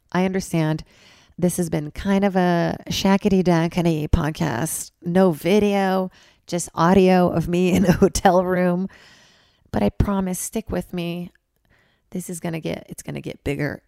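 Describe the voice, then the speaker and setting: A young woman with a low, gravelly voice rambles through a casual solo podcast in a hotel room. She mocks herself and breaks into loud, high-pitched bits. The sound is close and dry. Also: no echo. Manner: loose, rambling, self-mocking, swings into loud high bits. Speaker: podcast host. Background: ice machine outside.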